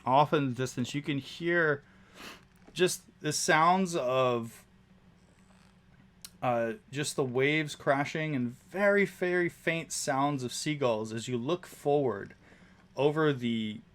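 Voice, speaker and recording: Male game master, average pitch, halting descriptive narration. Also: fairly bright tone. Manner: descriptive, halting, many fillers.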